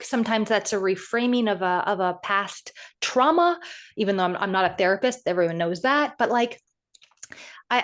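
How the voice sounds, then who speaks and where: A woman hosting a podcast and working as an intuitive coach, talking in a casual interview with eager, animated storytelling. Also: a little high. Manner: animated, enthusiastic storytelling with acted quotes.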